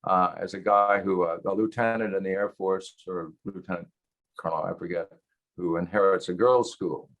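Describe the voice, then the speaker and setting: A man's voice: deep voice, steady tone, moderate pace, fairly bright tone. A man in his eighties, a guest actor, telling rambling wry anecdotes in a casual interview. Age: 80s. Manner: many fillers and restarts.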